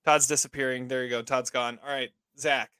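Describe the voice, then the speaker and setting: Bright-voiced man hosting a movie podcast. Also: mid-range voice, flat delivery, clean tone, dry recording, clean studio sound. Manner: halting, repeats words while talking. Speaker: podcast host running movie trivia. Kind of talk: casual podcast chat.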